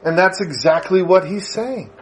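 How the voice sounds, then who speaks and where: A male preacher delivering a sermon with animated storytelling. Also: moderate pace, slight background noise. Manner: animated storytelling, pitch rising with emphasis.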